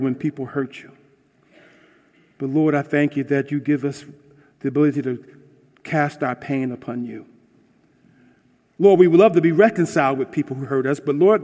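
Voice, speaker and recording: Passionate preacher man in a reverberant hall. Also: on the high side. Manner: passionate, swings from hushed to shouting. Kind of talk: sermon with closing prayer.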